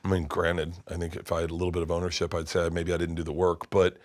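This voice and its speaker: A man's voice: sits low, quick pace. A man in his fifties, a comedian guest, telling a long story in an interview and acting out the other people in it. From United States. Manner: animated storyteller, acts out quoted voices.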